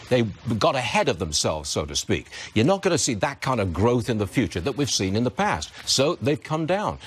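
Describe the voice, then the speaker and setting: An older man with an English accent giving emphatic, indignant business commentary on morning TV. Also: breathy edge. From United Kingdom. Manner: emphatic, indignant, swoops high in pitch.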